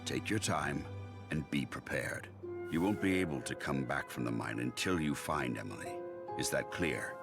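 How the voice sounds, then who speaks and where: A man voicing a mysterious guardian spirit who speaks in a calm, commanding way. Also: very deep voice, normal speed, loud music behind the voice.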